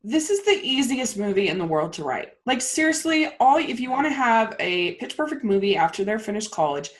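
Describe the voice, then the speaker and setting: A young woman hosting a casual movie podcast, talking in an animated, ranting way with lots of fillers. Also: a little high, brisk. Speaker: podcast host. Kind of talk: casual chat.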